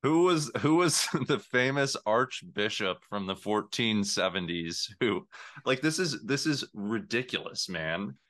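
Male podcast co-host, lowish voice, bright edge; dry, mock-exasperated casual chat. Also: animated, measured pace. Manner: wry, mock-exasperated banter.

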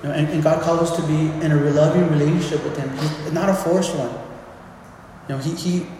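A man's voice: on the high side, fairly even intonation, fairly quick, warm tone, a little hiss or hum. A man giving an informal, conversational sermon, often restarting and repeating words as he explains. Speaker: preacher. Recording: echoey hall with faint ambience.

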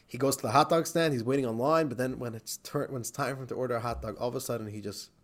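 A man's voice: medium pitch, fast talker. A man teaching a Torah class who tells a story with animation and acts out the quotes.

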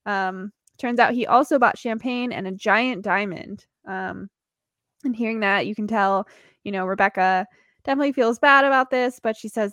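A woman's voice: medium pitch, steady tone, normal speed, a bit bright, no echo, studio quality. A woman hosting a podcast, recapping episodes in a casual, giggly way and quoting lines.

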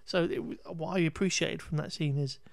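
A man's voice: on the high side, fairly even intonation, brisk, vocal fry, dry recording. A man co-hosting a podcast, chatting casually through a film recap with frequent restarts and laughter. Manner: rambling, self-correcting, laughs often. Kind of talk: casual chat.

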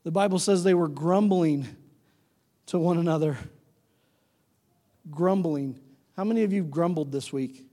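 High-voiced preacher in a reverberant hall. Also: male voice, measured pace, pauses often, mellow. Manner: conversational, asks the congregation questions; acts out quoted voices with shifting pitch. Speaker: pastor. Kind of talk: sermon.

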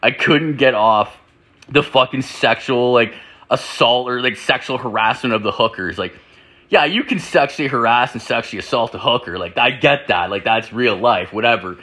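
A man ranting through a crude story in a loose, rambling way, with "like" in nearly every sentence and constant swearing. His voice is bright and forceful, at a middle pitch for a man. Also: moderate pace. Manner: rambling, profane, full of "like" fillers; animated, jumps into acted-out quotes. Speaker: podcast host.

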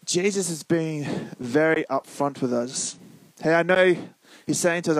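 A man gives a relaxed, chatty sermon and reads passages aloud, stopping often to get the audience to call back. His voice sits a little high, and the sound is close and dry. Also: a little slow, no echo, rough recording. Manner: conversational, prompts the audience to call out. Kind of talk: casual preaching and scripture reading.

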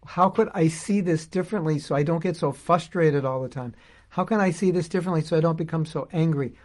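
A middle-aged man giving an informal spiritual talk, thinking aloud and searching for his words as he goes. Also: fairly high pitch. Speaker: spiritual teacher.

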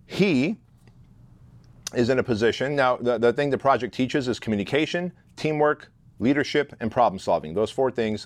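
Brief: male interview guest, mid pitch, blunt and profane, lively storyteller, dry close mic. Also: dry recording. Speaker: guest, leadership instructor.

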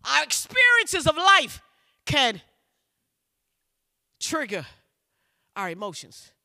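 A middle-aged man preaching a sermon in church, shouting and urging the congregation to repeat after him, repeating words in a fervent cadence. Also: very high voice, huge pitch swings, slow pace, vocal fry. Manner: shouting, urging call-and-response.

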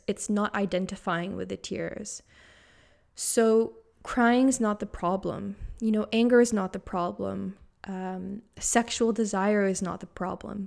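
A woman speaker in a quiet, reflective spiritual talk, with a voice that rests on a gravelly vocal fry. She wanders through her thoughts softly, pausing on fillers as she goes. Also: medium pitch. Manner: soft-spoken and meandering, with many fillers.

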